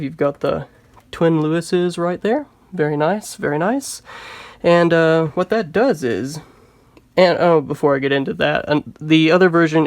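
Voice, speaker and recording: Brief: chatty male game host, a bit high-pitched, dry close sound, casual. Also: dry recording. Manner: chatty, many filler words. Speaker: tabletop game reviewer.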